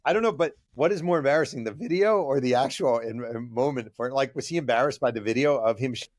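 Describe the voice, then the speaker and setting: Relaxed male author from New York. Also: medium pitch, fast, no room sound. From New York state, USA. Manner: relaxed, conversational, hesitant fillers. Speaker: guest author and journalist. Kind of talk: casual interview talk.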